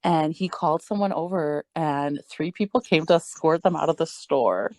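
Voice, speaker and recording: A woman's voice: sits low, normal speed, no echo. A young woman co-hosting a podcast, telling a story in casual chat, swearing freely and laughing as she goes. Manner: animated, profane, laughing as she tells it. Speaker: podcast co-host.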